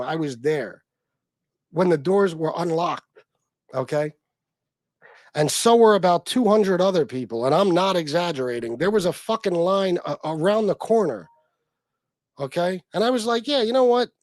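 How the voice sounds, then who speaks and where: On his livestream, this middle-aged North Carolina man swears and fumes in a somewhat high male voice, moving at an ordinary speed with plenty of expression. His anger erupts in loud bursts before sinking into quiet, grumbly muttering. There's no reverb; the recording sounds close and dry.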